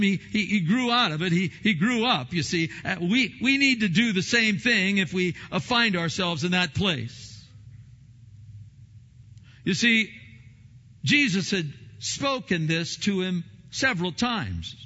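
Emphatic preacher in an echoing hall. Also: male voice, high voice, very animated, unhurried. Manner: emphatic preaching, repeats words, swings loud and soft. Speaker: pastor. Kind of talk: sermon. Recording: long hall reverb, dull lo-fi sound.

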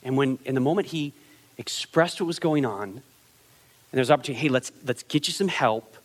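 A man preaches at medium pitch and a slightly fast pace, with a long reverb tail on his voice. As pastor, he's conversational and animated, voicing quotes in different characters amid frequent restarts and repeated words.

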